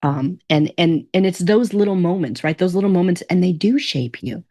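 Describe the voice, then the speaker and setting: A woman's voice: fairly low pitch, moderate pace, dark tone. A woman guest telling stories in a casual conversation, often repeating her phrases. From Alaska.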